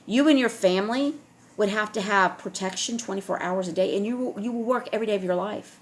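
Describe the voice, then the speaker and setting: A woman's voice: mid-range voice, quick pace. A woman vlogger speaking in an emphatic, repetitive monologue to her viewers, often checking in with "all right?".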